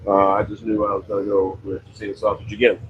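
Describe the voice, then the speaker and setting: This fairly low, monotone male voice talks quickly through narrow, tinny audio with a noisy background. He's a middle-aged western Pennsylvanian casually telling a rambling livestream story about his pizza shop, heavy on fillers and self-corrections.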